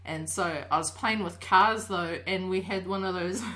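A woman's voice: fairly low pitch, moderate pace. Giggly young woman telling stories. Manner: laughs often, animated quoting with cries. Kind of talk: casual storytelling among friends.

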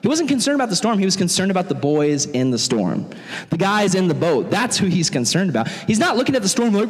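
A man preaching to young people as their pastor, animated and jokey, acting out quotes in funny voices. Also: high voice, brisk. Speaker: youth pastor. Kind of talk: sermon. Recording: long hall reverb.

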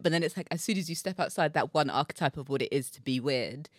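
A woman's voice: low voice, fast talker, dry recording, studio quality. A young woman, co-hosting a casual podcast chat with playful teasing. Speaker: podcast co-host.

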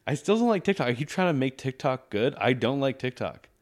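A man's voice: medium pitch, big pitch swings, brisk. A man co-hosting a casual podcast chat, laughing often and slipping into playful voices. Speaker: podcast co-host.

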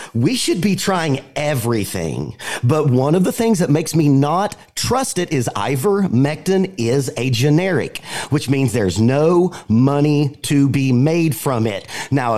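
A man's voice: fairly high pitch, darkish tone. A man from Appalachia arguing his side insistently as a podcast debate panelist. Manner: argumentative, insistent.

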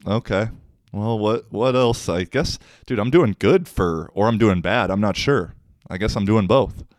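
A man's voice: fairly low pitch, measured pace, a little mellow, no echo, clean studio sound. A young man hosting a solo podcast, chatting casually in a slangy, rambling, self-mocking way. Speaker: podcast host.

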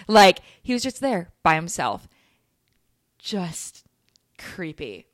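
A woman's voice: fairly low pitch, sing-song, slow pace, no echo, studio quality. A young woman hosting a podcast, telling a story in a candid way, swearing freely and laughing as she goes. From lived in Utah. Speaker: podcast host. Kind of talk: casual storytelling chat.

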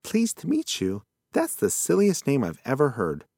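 A man's voice: mid-range voice, huge pitch swings, moderate pace, darkish tone, slightly rough, no echo, studio quality, voice pushed up, heavily acted. A man voicing a forgetful old male possum who rambles in a folksy, muddled way. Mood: rambling.

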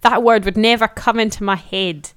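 A woman's voice: mid-range voice, steady tone, moderate pace, fairly bright tone. Playful woman joking along. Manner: playful, jokey guesser. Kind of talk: casual chat.

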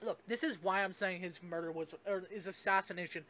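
A man's voice: high voice, steady tone, a little fast, sharp tone. A young man hosting a casual solo podcast, rambling and swearing, with lots of fillers and restarts. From Canada. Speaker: podcast host.

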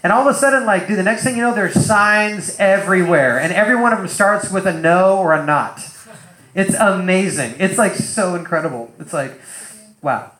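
Brief: high-voiced male preacher, casual chatty sermon, roomy hall sound. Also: moderate pace. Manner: loose, animated, full of fillers and acted-out asides. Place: church hall with a live audience.

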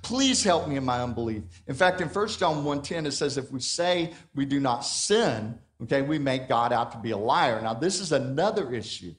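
A middle-aged man preaching a sermon, asking the congregation questions and swinging between soft and loud passages. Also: mid-range voice, expressive, moderate pace, few pauses. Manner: dynamic preaching with questions and acted quotes. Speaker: pastor.

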